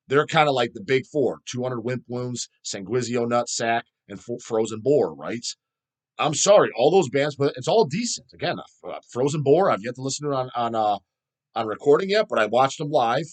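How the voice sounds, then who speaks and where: A middle-aged man hosting a metal channel, ranting profanely and answering viewer questions. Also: medium pitch. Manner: profane, animated, mocks people in put-on voices.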